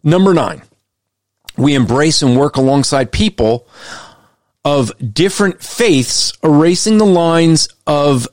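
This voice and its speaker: A man's voice: on the high side, lively intonation, dry recording, clean studio sound. Emphatic man arguing a point. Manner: emphatic and argumentative, slows down to read quotes aloud. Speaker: Christian commentator. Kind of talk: critical commentary on a list of values.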